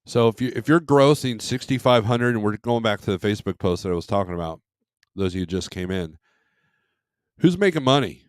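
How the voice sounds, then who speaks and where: Laid-back deep-voiced trucker host. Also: male voice, expressive, a little fast, clear, resonant tone, no echo, clean studio sound. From Michigan. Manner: laid-back, rambling, reads load listings aloud. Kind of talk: casual livestream commentary.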